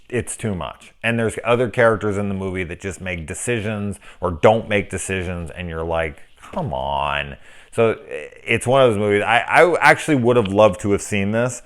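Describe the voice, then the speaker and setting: A man's voice: low-pitched, a bit bright. A middle-aged man giving a casual, profane spoken film review that turns into a rant. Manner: profane, ranting, acts out quoted reactions.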